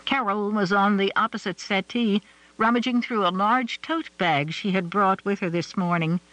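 A man reading a novel aloud in a measured, even storytelling manner. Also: high voice, dry recording, poor audio. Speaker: audiobook narrator. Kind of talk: scripted narration.

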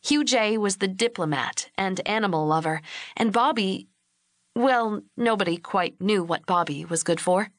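A woman narrating an audiobook in a measured, even storytelling manner, recorded on a close mic. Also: mid-range voice, no echo. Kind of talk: scripted narration.

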